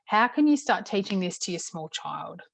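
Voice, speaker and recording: A middle-aged woman, a parenting coach, teaching in a casual, chatty way with many "okay"s and a slightly hoarse throat. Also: on the low side, sing-song, normal speed, dry recording. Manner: chatty, repeats "okay" often. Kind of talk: casual talk-to-camera teaching.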